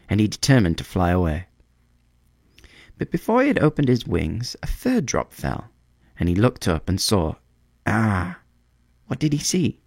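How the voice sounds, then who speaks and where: A man reading a storybook aloud in a measured, expressive way. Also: deep voice, no echo, clean studio sound.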